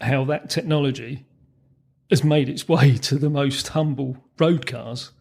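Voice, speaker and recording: Gravelly man in his fifties. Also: mid-range voice, steady tone, a little slow, darkish tone. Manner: anecdotal, chuckles through his stories, many ums and restarts. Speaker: guest, former racing mechanic. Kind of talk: storytelling in a podcast interview.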